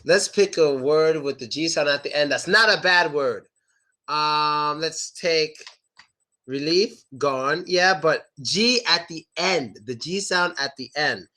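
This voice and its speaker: Brief: casual male pronunciation tutor, slightly high pitch, informal banter. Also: takes it slowly, bright, forceful tone. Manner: joking, informal and chatty with students. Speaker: English pronunciation teacher. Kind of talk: live online lesson.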